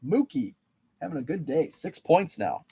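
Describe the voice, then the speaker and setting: A man's voice: a little high, very animated, moderate pace, warm tone, a little hiss or hum. A man hosting a live stream, running a guessing game with trading cards, reading out viewers' names and answers in a chatty, playful way. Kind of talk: casual live-stream chat.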